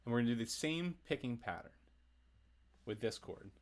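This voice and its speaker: Relaxed man teaching guitar. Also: mid-range voice, normal speed. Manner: relaxed, chatty, answers chat and laughs often. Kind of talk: casual livestream guitar lesson. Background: faint acoustic guitar playing.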